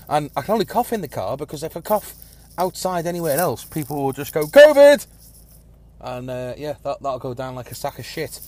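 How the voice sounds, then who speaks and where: A man's voice: on the high side, brisk. A man hosting a one-take podcast from his car, rambling and grumbling with casual swearing and a phlegmy cough. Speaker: podcast host. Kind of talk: rambling one-take chat while driving. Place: inside a car in traffic. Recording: car and road noise behind.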